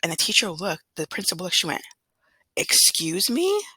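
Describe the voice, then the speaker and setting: Bright, husky-voiced woman telling a story. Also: fairly low pitch, fairly even intonation, rapid-fire, no echo. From Southern California. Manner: chatty, rambling, with fillers and throat clearing. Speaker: substitute teacher. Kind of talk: casual storytelling vlog.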